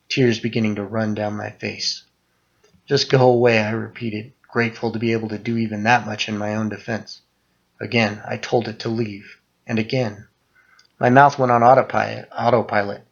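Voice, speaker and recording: A man reading his own first-person horror story aloud, muttering through the narration and breaking into loud outbursts on the quoted lines. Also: on the low side, creaky, breathy edge, highs cut off.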